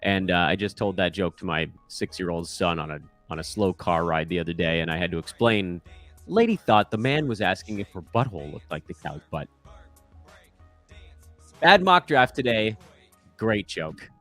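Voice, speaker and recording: A man's voice: low voice, animated, moderate pace, a bit bright, soft background music. A man in his thirties hosting casual commentary into a microphone, offhand and self-deprecating. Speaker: host.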